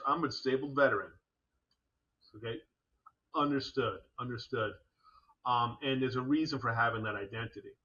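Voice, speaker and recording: Male clinician guest, tense bright voice on muffled audio, spins anecdotes. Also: medium pitch. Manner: animated storyteller, acts out quoted voices. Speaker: prosthetics clinician. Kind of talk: anecdotal storytelling in a podcast.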